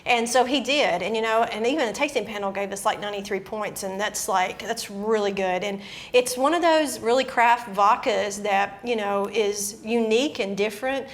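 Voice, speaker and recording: A woman's voice: medium pitch, normal speed. A woman with a Southern accent hosting a casual chat, chatty and enthusiastic. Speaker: host.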